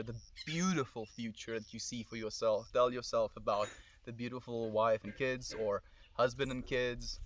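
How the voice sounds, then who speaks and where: A man's voice: medium pitch, slight background noise. A man with a South African accent, musing aloud in a loose, thoughtful livestream monologue, recorded outdoors on a camera mic. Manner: musing, loose and thoughtful, drifting between ideas. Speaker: streamer. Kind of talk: casual reflective livestream monologue. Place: outdoors in the country.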